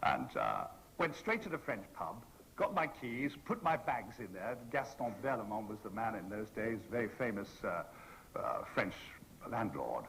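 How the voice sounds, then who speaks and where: Lively droll male raconteur. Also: fairly low pitch, measured pace, creaky, a little hiss or hum, low-quality recording. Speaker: convention panel guest. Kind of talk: anecdotal storytelling to a live audience. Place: convention panel before an audience.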